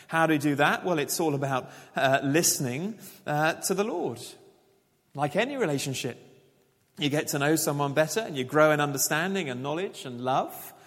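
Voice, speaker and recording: A man's voice: medium pitch, long reverb tail. A man preaching a sermon as pastor, conversational and full of rhetorical questions.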